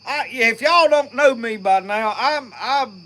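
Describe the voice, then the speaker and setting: A middle-aged man with a Southern US Mississippi accent hosts an outdoors channel live stream, chatting with viewers in a rambling, folksy way. His voice is very high-pitched, bright and forceful, and he speaks slowly as faint crickets and insects sound in the background.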